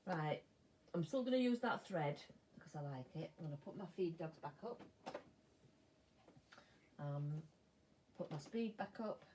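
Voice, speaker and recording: A woman's voice: deep voice, expressive, unhurried, pauses often. Chatty older woman sewing. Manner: chatty, talks to herself while she works, drops to soft mutters. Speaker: sewing vlogger. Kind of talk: casual chat while sewing. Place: home sewing room. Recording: clear sewing machine noise behind.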